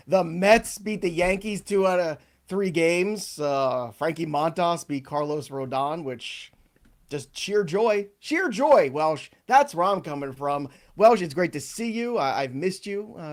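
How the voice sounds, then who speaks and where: A male podcast host with a slightly high voice talks baseball in a loose, upbeat way. He jokes easily and slips into promo pitches. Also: moderate pace, hardly any pauses. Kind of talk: casual sports chat.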